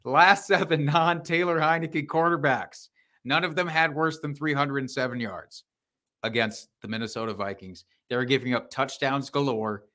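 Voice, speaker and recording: A man's voice: mid-range voice, normal speed, pushed and bright. A man co-hosting a casual podcast, laid-back, swearing and laughing often. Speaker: podcast co-host.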